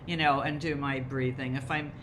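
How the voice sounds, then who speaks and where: A woman's voice: extremely low pitch, steady tone, moderate pace, a bit bright, slight background noise. A woman talking about rituals and wellness in a conversation, explaining with emphasis. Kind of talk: conversational advice talk.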